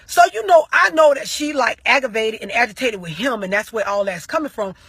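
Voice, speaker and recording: A woman vlogger telling a story as an animated rant, full of slang and heavy profanity. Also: fairly high pitch, brisk, slightly rough, no echo, studio quality.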